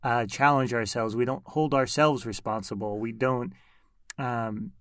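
A man co-hosting a podcast talks in a thoughtful, reflective way and stops now and then to find his words. His pitch is middling for a man. The sound is dry and close to the mic. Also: steady tone, measured pace, fairly bright tone, no echo. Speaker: podcast co-host. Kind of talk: conversational podcast talk.

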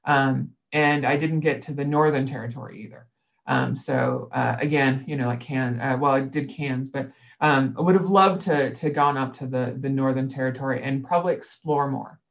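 A guest rambles easily through travel memories, piling up fillers and false starts at a middle pitch. The voice comes through a dull, lo-fi connection that muffles the top end. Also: steady tone, moderate pace, vocal fry. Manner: rambling, many fillers and restarts. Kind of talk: casual conversation. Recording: dull lo-fi sound.

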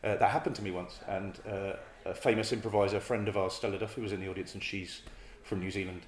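A man's voice: fairly low pitch, fairly even intonation, fast. A man who performs improv comedy, chatting in an interview and acting out little scenes as he explains. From North East England. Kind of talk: casual interview chat. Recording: echoey room.

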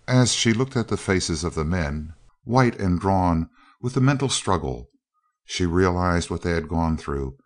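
A male narrator reading a novel aloud as an audiobook. His voice is very deep and low, and he tells the story at a steady, even pace. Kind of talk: scripted narration.

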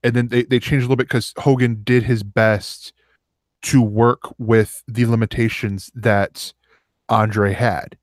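A man's voice: mid-range voice, flat delivery, unhurried, no room sound, studio quality. A man co-hosting a podcast, telling a long rambling story in casual chat and acting out the quotes. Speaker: podcast co-host.

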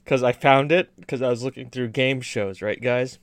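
A man hosts a casual games stream, chatting loosely and restarting his sentences. His voice is mid-pitched and sits close to the mic in a dry, dead room. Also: moderate pace, no room sound. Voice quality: rambling, chatty, self-correcting. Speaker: host. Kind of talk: casual podcast chat.

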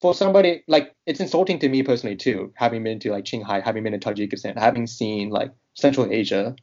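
A man from Texas, a podcast guest, talking in casual chat with an animated, ranting delivery in quick bursts. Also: mid-range voice, highs cut off. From Texas, United States.

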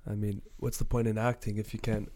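A man with a mellow, darkish tone joins a casual chat. He keeps asking curious follow-up questions. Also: fairly low pitch, level tone, a little fast, no room sound.

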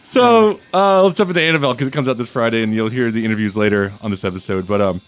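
Over soft background music, a fast-talking man with a mid-range voice chats casually on his podcast, reviewing films and telling animated, profane stories in a loose style.

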